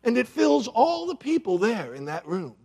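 A man's voice: very high voice, huge pitch swings, normal speed, vocal fry, a little mellow, breathy edge, pitched above the performer's own voice, heavily acted. A man voicing an earnest middle-aged man who retells his vision in a plain, conversational way. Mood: defensive.

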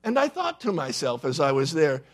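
A preacher doing Peter, plain-spoken storyteller. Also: male voice, on the high side, wildly swooping pitch, moderate pace. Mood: defensive. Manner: plain-spoken, conversational retelling. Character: earnest middle-aged man retelling his vision.

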